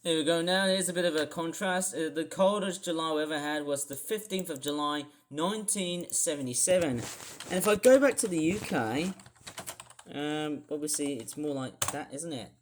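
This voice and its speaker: A man's voice: on the high side, moderate pace, slight background noise. A man vlogging casual weather commentary over forecast charts, rambling and correcting himself as he goes. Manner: rambling, self-correcting, grumbling.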